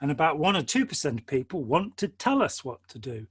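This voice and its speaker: A man's voice: on the high side, big pitch swings, fairly quick, breathy edge, dry recording. An older man with an English accent, talking earnestly and at length in a discursive conversation, with many quotes and asides along the way. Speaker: host.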